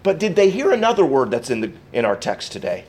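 A middle-aged man preaching a sermon as pastor, emphatic, repeating key words and swinging between loud stresses and quiet asides. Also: medium pitch, huge pitch swings, fast.

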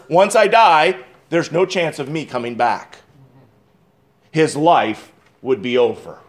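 A man delivering an expository sermon as pastor, preaching emphatically with dramatic pauses and restarts. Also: high voice.

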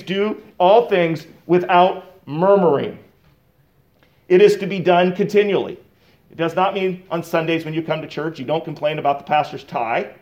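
A middle-aged male pastor giving a conversational sermon with casual asides and light chuckles. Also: a little high.

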